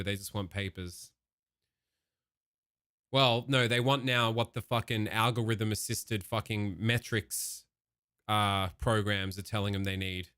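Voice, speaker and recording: A man's voice: lowish voice, no room sound, clean studio sound. Profane man ranting casually. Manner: profane, animated rants. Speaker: streamer reacting to a video. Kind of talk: casual reaction commentary.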